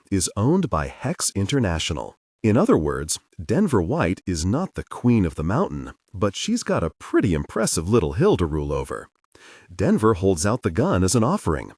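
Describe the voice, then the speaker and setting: A man narrating an audiobook in an animated, wry storytelling manner, on a close mic. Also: low-pitched, slightly rough, no echo.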